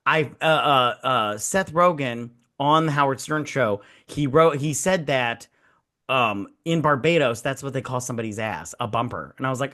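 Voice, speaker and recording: A man's voice: mid-range voice, moderate pace, sharp tone. Profane, rambling male podcast host. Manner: profane, rambling, mimics people in mocking quoted voices. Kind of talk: casual drinking-show movie chat.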